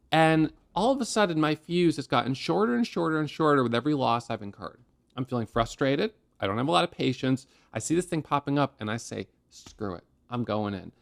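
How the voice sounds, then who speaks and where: Guy talking through his day trades at his desk, kinda high voice with some gravel, chatty and explainy. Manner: conversational, explains with analogies and acted self-talk. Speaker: day trading educator. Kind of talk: trading recap to camera. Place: home trading desk.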